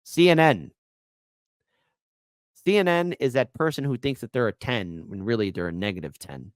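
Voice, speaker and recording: A man hosting a political commentary show, sarcastic and taunting, his volume swinging from loud to quiet. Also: medium pitch, moderate pace, no room sound.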